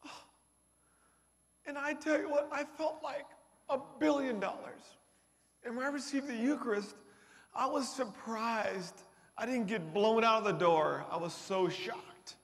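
A middle-aged man with a high voice gives a personal testimony at a conference. He moves from hushed to forceful and emotional. His words ring out with a long reverb across a large hall. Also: unhurried. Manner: emotional, builds from quiet to loud. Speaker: conference speaker. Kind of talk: testimony talk.

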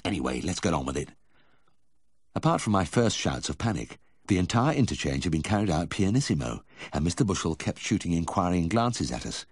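A man reading a memoir aloud as audiobook narration, telling the story in a measured first-person voice. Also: low voice, very animated, breathy edge, no echo, clean studio sound. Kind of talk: scripted narration.

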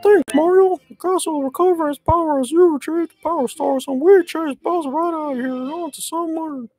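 A chipper little mushroom guy voiced by a woman squeaks out game hints in a tiny cartoon-mouse voice, pitched far above her own. Game music plays along behind him. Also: fairly quick, a little mellow. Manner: reading on-screen hints aloud in character. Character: squeaky little male mushroom helper, cheerful.

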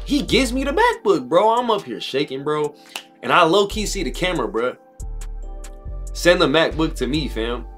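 A young man telling a story to his viewers in a casual, slangy vlog, repeating himself and rushing ahead with excitement. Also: fairly high pitch, faint music behind. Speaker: vlogger.

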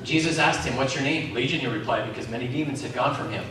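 A man's voice: medium pitch, quick pace, background noise. A man preaching a sermon, calling out questions to the congregation. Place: community centre hall. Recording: echoey hall from far off.

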